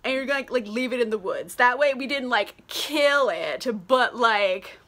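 A petulant king, stubborn and jealous, brushes everyone off in a whiny, bratty tone, as a tipsy woman puts him on. The voice stays fairly high and bright. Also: measured pace. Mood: dismissive.

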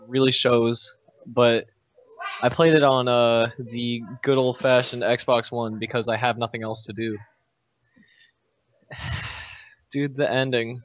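A man's voice: mid-range voice, no echo. A young man casually ranting about a game, exasperated and sarcastic, with frequent sighs. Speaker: gamer recounting a game. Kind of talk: casual rant to camera. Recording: dull lo-fi dry recording.

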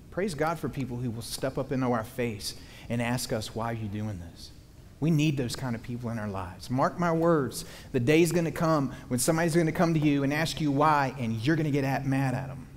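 Guy preaching, chatty and animated, goes off on tangents, big echoey church sound. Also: mid-range voice. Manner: folksy, animated, digressive storytelling. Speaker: pastor. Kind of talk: sermon. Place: church hall. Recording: long hall reverb, faint background noise.

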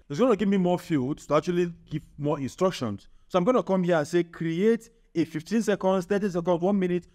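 A man hosting a screen-recorded software tutorial. He keeps checking in with the viewer with a quick "right?". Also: on the high side. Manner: chatty, repeats "right?" to the viewer. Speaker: tech tutorial host.

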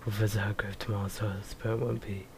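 A man voicing a weary father who speaks quietly and low, over violin music. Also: level tone, quick pace, vocal fry, a little hiss or hum. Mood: remorseful.

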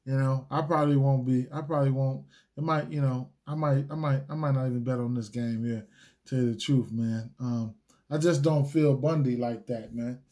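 Laid-back rambling sports picks host. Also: male voice, medium pitch, steady tone, moderate pace, dark tone. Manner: rambling, many fillers and restarts; laid-back slangy talk. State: hiccups. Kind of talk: casual solo picks video.

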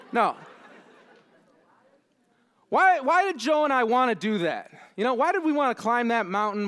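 Animated high-voiced man telling a story. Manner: animated, self-deprecating, acts out his own lines. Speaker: keynote speaker. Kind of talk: storytelling conference keynote. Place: conference hall.

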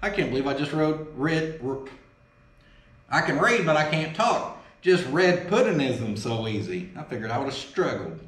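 A folksy, excitable man with a drawl and a voice that sits high for a man opens fan mail as a vlog host, chatting casually and swearing freely. He talks at a moderate pace in a roomy workshop whose echo bounces around, with slight background noise.

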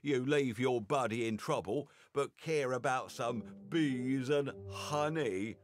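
A man's voice: medium pitch, slow, faint music behind, voice pushed up, lightly acted. A man voicing Sarunia, a dramatic village man who drags out his words for effect. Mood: contemptuous. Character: dramatic village man, old friend, sullen and pushy. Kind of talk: game voice acting.

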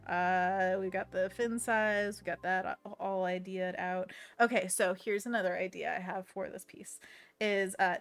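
A young woman with a Pacific Northwest American accent chats casually on an art livestream as she paints. She is bubbly and giggles often, with a medium-pitched voice. Soft music plays faintly underneath. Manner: bubbly, giggly, reads chat aloud. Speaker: livestream host and digital artist.

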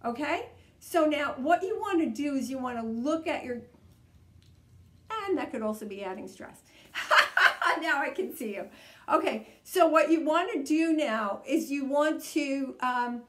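A woman leading a guided tapping session, coaching calmly and repeating each step. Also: sits high, unhurried. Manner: calm, repetitive, coaching tone. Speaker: EFT tapping practitioner. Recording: echoey room.

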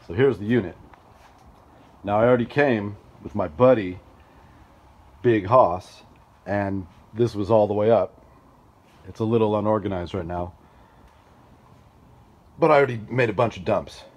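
A man vlogging outdoors at a storage facility, telling a story in a chatty, animated way and acting out other people's lines. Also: fairly low pitch, unhurried, pauses often, highs cut off. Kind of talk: casual storytelling vlog.

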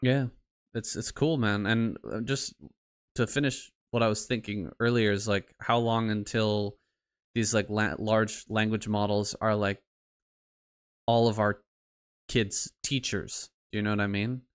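A man co-hosting a podcast, speaking in a fairly low, smooth, resonant voice with little rise and fall. He talks haltingly, full of fillers and restarts. The sound is dry and close. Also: steady tone, dry recording. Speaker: podcast co-host. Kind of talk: casual chat.

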